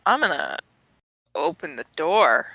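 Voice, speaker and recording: A woman playing a tabletop game, speaking haltingly and hesitantly in character. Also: low voice, wildly swooping pitch, pushed and bright, dry recording, poor audio. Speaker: player.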